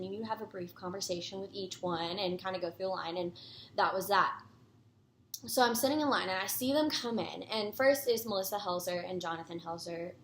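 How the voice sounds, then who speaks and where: A young woman talking straight to her viewers, spilling a story in a rambling, excitable rush and filling it with asides and fillers. Her voice sits in an ordinary middle pitch for a woman and bounces around an echoey room. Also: a little hiss or hum. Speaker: vlogger. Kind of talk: casual storytelling to camera.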